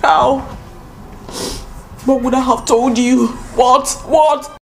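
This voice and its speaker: A woman's voice: high-pitched, steady tone, slow pace, vocal fry, full character voice. A woman with a Nigerian accent playing a distraught, pregnant young woman who talks defensively, near tears. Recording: echoey room.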